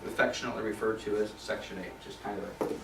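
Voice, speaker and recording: A man's voice: on the low side, steady tone, racing, vocal fry, background noise. A man leading a property management training class in a conversational way, repeating key points for emphasis. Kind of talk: recorded training class for agents. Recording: echoey room from a distance.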